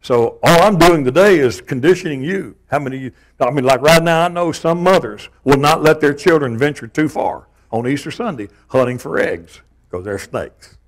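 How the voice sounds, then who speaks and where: An older man preaching a sermon, telling stories with animated, self-mocking humor. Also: on the high side, moderate pace, few pauses. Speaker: pastor.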